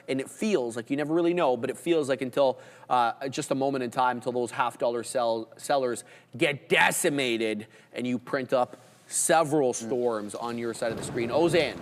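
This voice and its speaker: A man co-hosting a live trading stream, calling prices and chart levels in casual, excited commentary. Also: medium pitch, long reverb tail. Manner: excited, rapid ticker and price call-outs.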